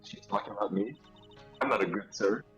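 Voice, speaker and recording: A man's voice: on the low side, fairly even intonation, brisk, fairly bright tone, husky, soft background music, poor audio. A man playing a game with friends, reading dialogue aloud hesitantly and joking about how to voice characters. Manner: hesitant, self-conscious about doing voices. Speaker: game streamer.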